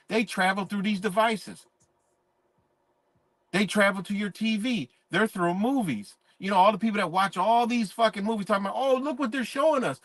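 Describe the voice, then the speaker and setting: A man holds forth in a live-stream monologue, preachy and emphatic, swearing freely. His voice sits a little high for a man. The sound is dry and close. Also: fairly bright tone, dry recording.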